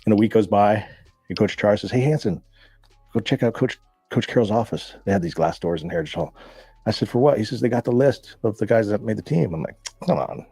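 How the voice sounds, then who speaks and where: A man telling profane, animated stories in a casual chat, laughing as he goes. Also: fairly low pitch, brisk, slightly rough, no echo, faint music behind. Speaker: guest. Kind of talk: casual storytelling.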